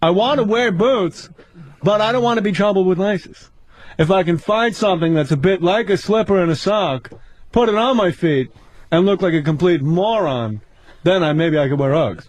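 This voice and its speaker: A man's voice: high voice, normal speed, no room sound, lightly acted. A man doing an impression of a famous observational comedian, ranting in a whiny, rhetorical way.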